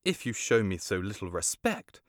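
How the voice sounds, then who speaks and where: A man's voice: very animated, moderate pace, no room sound, clean studio sound. A man voicing a frightened, scolding queen in a storybook reading, in a raised voice. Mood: indignant. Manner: raised, indignant pitch.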